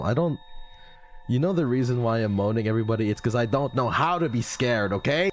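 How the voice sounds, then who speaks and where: A man's voice: medium pitch, expressive, a little fast, soft background music. A man streaming a horror game, talking to his chat in a playful way and hamming up exaggerated scared moans, whimpers and gasps. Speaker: VTuber streamer.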